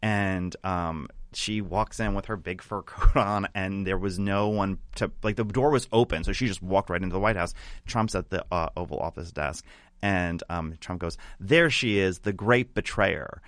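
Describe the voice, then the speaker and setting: A man's voice: low-pitched, normal speed, no room sound. A man as a podcast guest, telling a story in a chatty, gossipy way with many fillers. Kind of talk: casual storytelling chat.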